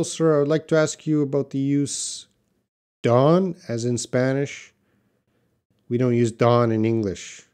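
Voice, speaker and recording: A man teaching a live online English lesson, slowly repeating words for pronunciation practice and answering viewers' questions by name. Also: mid-range voice, a little mellow. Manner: slow, careful, repeats words for pronunciation drills.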